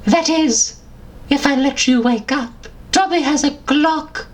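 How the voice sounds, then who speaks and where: Dobby, a shrill unhinged house elf. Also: male voice, slow pace, rough recording. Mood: sinister. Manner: high, shrill, third-person rants. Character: squeaky male house elf, unhinged and gleeful. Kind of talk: comedic character voice.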